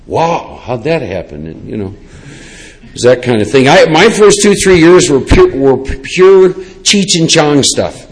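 A man, telling his personal recovery story in a rambling, lively way with many asides. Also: fairly high pitch, unhurried, poor audio. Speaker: recovery speaker. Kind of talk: personal testimony talk.

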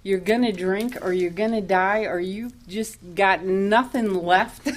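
A woman's voice: medium pitch, unhurried, a little hiss or hum. A woman telling her own recovery story at a meeting, candid and self-mocking, laughing often as she talks. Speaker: recovery speaker.

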